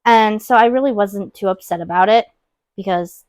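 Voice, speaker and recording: A young woman co-hosting a podcast, openly telling her own story in a soft-spoken casual chat, with plenty of "like" fillers. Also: mid-range voice, normal speed, dry recording. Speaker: podcast co-host.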